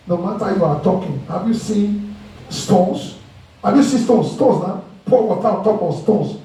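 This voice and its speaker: A man's voice: high-pitched, expressive, normal speed, warm tone. A man preaching a sermon as pastor, acting out quoted voices and slipping into pidgin. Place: church hall. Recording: very echoey hall, mic far off.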